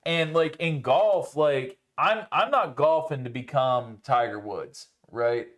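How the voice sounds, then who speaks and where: A man's voice: mid-range voice, takes it slowly, a bit bright. A young man co-hosting a podcast, telling rambling, profane stories in casual chat and leaning on filler words.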